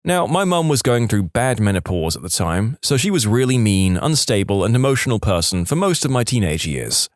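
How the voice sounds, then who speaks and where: A male podcast narrator reads internet stories aloud in an expressive, storytelling way. His pitch rises and falls a lot. The recording is dry and close, with no room sound. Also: brisk, few pauses, no room sound.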